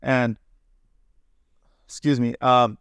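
A man in casual podcast chat who thinks out loud in an easygoing, reflective way. His voice is clear and smooth at a middle pitch. The close mic gives a dry sound. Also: level tone, drawn-out words, dry recording. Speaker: podcast co-host.

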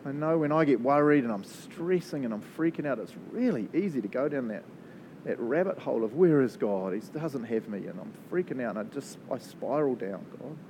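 A man with a New Zealand accent, preaching a sermon and praying in a chatty, animated way that often breaks into laughs. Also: mid-range voice, fairly quick, slight background noise, low-quality recording. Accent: New Zealand English. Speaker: pastor. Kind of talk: sermon with prayer.

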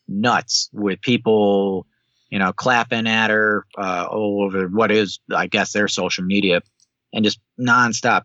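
A man co-hosting a podcast, recapping a TV episode in a rambling way with many filler pauses over a video call. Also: on the low side, a bit bright, no room sound. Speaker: podcast co-host. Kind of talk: casual chat recapping a TV episode. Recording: dull dry call audio.

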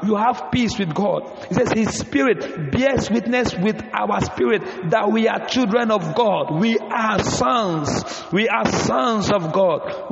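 A man's voice: sits high, vocal fry, a little hiss or hum. A man preaching a sermon in an emphatic, repetitive way, calling out questions to the congregation. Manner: emphatic and repetitive, calls and responses. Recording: echoey hall, dull sound.

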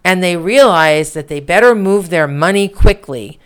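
A woman's voice: lowish voice, lively intonation, moderate pace, clean tone. A woman co-hosting a political podcast, talking in an indignant, emphatic way with rhetorical questions. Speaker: podcast co-host.

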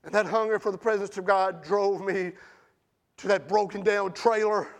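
A man preaching a sermon with passion, swinging between loud outbursts and hushed storytelling. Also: high voice, steady tone, moderate pace.

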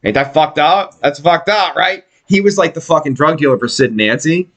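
A man hosting a podcast, talking in casual profane chat and slipping into quick impressions. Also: fairly high pitch, a bit bright. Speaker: podcast host.

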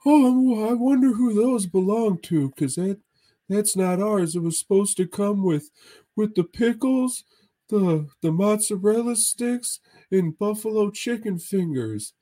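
A man's voice: high-pitched, lively intonation, a little slow, mellow, voice pushed up, rough recording. A man imitating a flustered young man who mumbles, hesitating and tripping over his words. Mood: confused. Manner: hesitant, full of uhs.

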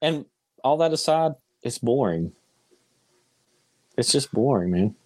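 A man's voice: mid-range voice, lively intonation, takes it slowly, darkish tone. An American man co-hosting a casual podcast chat, laid-back, hedging often and swearing casually. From United States. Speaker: podcast co-host.

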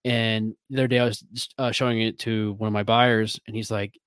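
Midwestern guy in interview, low-pitched, loose and chatty. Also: level tone, fairly quick, a bit bright, clear, resonant tone, no room sound. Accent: Midwestern American. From American Midwest. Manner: rambling, many fillers and restarts. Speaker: whiskey brand ambassador. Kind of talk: casual interview talk.

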